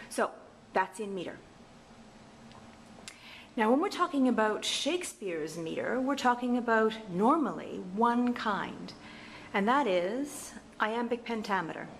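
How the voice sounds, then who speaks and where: Female lecturer, unhurried delivery, patient and explanatory, faint hiss under the voice. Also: medium pitch, lively intonation. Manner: patient and explanatory, chanting stress patterns aloud. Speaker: literature instructor. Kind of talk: recorded lecture explaining poetic meter.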